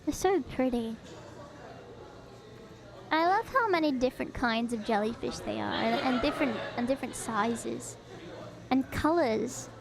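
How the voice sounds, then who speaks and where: A woman streamer chatting live and reacting to what she watches, bubbly and excitable, often gasping in delight. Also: a little high, measured pace, vocal fry, pauses often. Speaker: streamer host.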